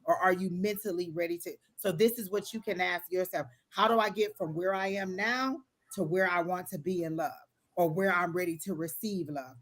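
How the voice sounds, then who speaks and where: Woman doing psychic readings on a livestream, kinda low voice, earnest and repeats herself a lot, super casual talk. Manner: earnest, repetitive, motivational, talks straight to viewers; casual, colloquial phrasing. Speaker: tarot and psychic reader. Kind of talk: live-stream psychic reading.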